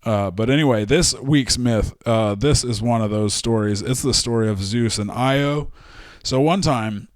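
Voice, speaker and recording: A male podcast host retells history as loose, joke-filled comedy, swearing freely and stumbling through fillers. His voice sits in a middle pitch. The recording is dry and close, with no room echo. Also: a little slow. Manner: rambling, profane, jokey, many fillers. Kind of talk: comic history podcast storytelling.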